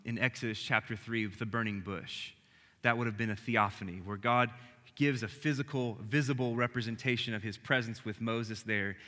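A male pastor with a bright, forceful voice gives a conversational sermon, lively and casual at times and hushed at others. His voice rings through a hall with a long reverb tail. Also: on the low side. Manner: casual and animated, dropping to soft hushed tones. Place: church hall with audience.

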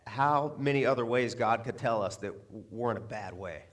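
A man preaching a sermon in a lively way, asking the crowd rhetorical questions and chuckling between points. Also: mid-range voice, moderate pace. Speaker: pastor.

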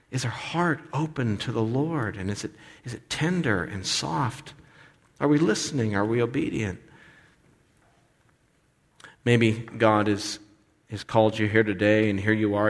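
A man preaching a sermon as pastor, animated and expressive, sometimes acting out the voices of complaining people. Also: lowish voice. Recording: long reverb of a hall.

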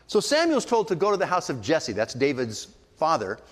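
A man's voice: fairly high pitch, huge pitch swings, normal speed, long reverb tail. An older man preaching a sermon, telling family stories and acting out the voices of people in them. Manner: storytelling, acts out voices in quotes. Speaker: pastor.

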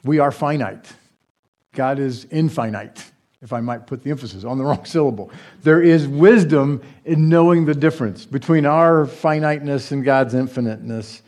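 A man's voice: medium pitch, darkish tone. Man pastor, easygoing sermon, stop-start delivery with small jokes. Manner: halting, with fillers and light joking asides. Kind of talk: conversational sermon.

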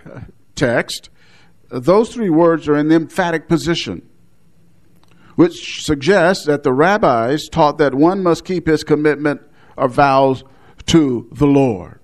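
A man's voice: on the high side, a little mellow. A man preaching an expository sermon, explaining a Bible passage with frequent restarts and short laughs.

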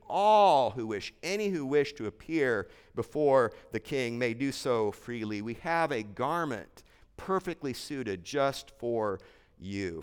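A man voicing a gentle, gracious royal herald who speaks kindly in a sermon story. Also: medium pitch, clean tone, big-room sound.

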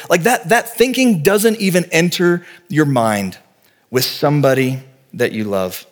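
This man's voice is high and animated, moving at a normal speed. He's a pastor in his forties whose sermon feels conversational and sincere, full of vivid stories told in plain words to the congregation.

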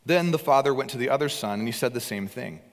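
A man preaching a sermon with earnest emphasis, his voice swinging between loud and hushed. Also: medium pitch, expressive, fast talker, big-room sound. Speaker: pastor.

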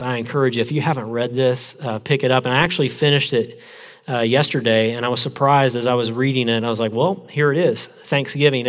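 A man's voice: mid-range voice, in a large hall. A male pastor giving a conversational sermon, with frequent fillers and restarts.

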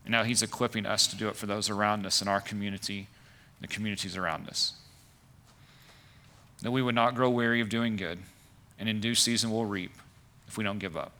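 A man's voice: fairly low pitch, steady tone, fairly quick, pauses often, pushed and bright. A man preaching a conversational sermon as pastor, full of "like" and "right" asides.

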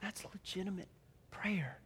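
A man preaching a sermon in a conversational way, swinging between loud emphatic lines and hushed, quiet ones. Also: sits high, unhurried, big-room sound, a little hiss or hum. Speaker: pastor.

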